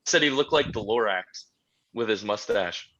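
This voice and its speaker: A man's voice: on the low side, expressive, moderate pace, pushed and bright, muffled recording. A man talking as a podcast guest in casual chat, blunt and laid-back, swearing freely as he tells his story. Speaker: podcast guest, strongman champion.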